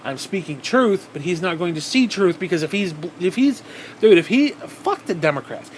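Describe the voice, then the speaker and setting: Vlogger, male, voice sitting a bit high, furious profane rant, faint AC hum underneath. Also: very animated, moderate pace. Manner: heated, swearing constantly, restarting sentences. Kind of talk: angry profane rant to camera.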